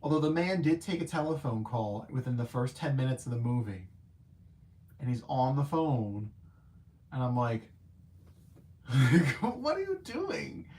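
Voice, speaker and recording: A man hosting a casual live-stream movie review, chatty and animated, with lots of filler words and playful self-mocking asides. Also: mid-range voice, moderate pace.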